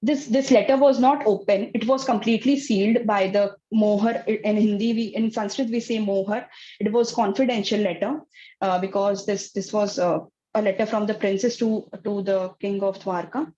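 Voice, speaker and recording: A woman telling a story to an online kids class, halting and full of fillers. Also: mid-range voice, fairly even intonation, dark tone, lo-fi sound. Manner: halting, many fillers and restarts. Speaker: teacher.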